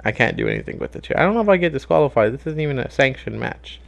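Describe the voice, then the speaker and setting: A young gaming YouTuber gives loose, casual commentary on a wrestling video game in a middle-pitched voice with vocal fry. He gets excited quickly, swears freely, and shouts at what happens on screen.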